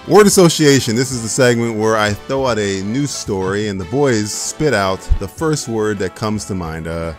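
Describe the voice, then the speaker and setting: A man hosting a podcast, introducing segments and tossing in quick jokes. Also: lowish voice, sing-song, faint music behind. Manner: jokey, throws in quick one-liners. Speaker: podcast host. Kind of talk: casual chat and segment hosting.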